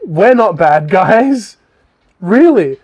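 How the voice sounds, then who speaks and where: A man's voice: very animated, drawn-out words, darkish tone, muffled recording, full character voice. A man voicing a pack of small, sly, mischievous male garden gnomes in a whiny, pleading put-on voice. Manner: high whiny pleading, stretched-out words.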